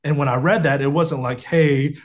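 A man's voice: medium pitch, quick pace. Man, 30s, from the US, earnest, casual street slang, video call guest. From United States. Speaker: guest sharing testimony. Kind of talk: casual storytelling interview. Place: home setup on a video call.

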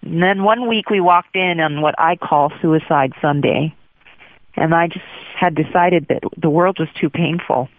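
Woman guest, frank storyteller, animated, heard down a narrow phone line. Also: low-pitched, a little slow, dry recording. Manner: candid and animated, acts out quotes. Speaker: guest sharing her testimony. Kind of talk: personal storytelling on a phone interview. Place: Hawaii.

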